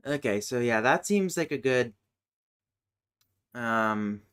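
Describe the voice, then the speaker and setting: A man streaming casually, thinking aloud as he works, muttering and humming to himself with many hesitant pauses. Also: mid-range voice, expressive, a bit bright, clear, resonant tone. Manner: mutters and hums to himself while working; slow, hesitant, with many fillers.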